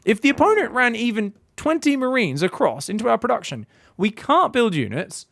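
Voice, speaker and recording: A man's voice: very high-pitched, sing-song, moderate pace, gravelly, fairly bright tone, no echo, clean studio sound. A man casting a strategy game in casual, sarcastic commentary, rambling into profane jokes. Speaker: game caster.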